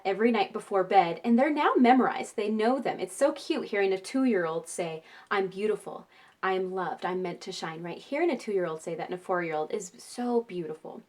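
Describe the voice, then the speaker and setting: A chatty woman giving parenting advice in a casual vlog, at an ordinary middle pitch. She keeps checking in with her listeners through little tag questions and breaks into laughter often. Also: a little mellow. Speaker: parenting vlogger and mother.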